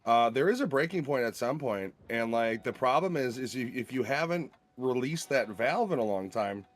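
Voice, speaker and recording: A man's voice: medium pitch, moderate pace. Joking man in casual stream chat. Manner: animated, profane, jokey storytelling.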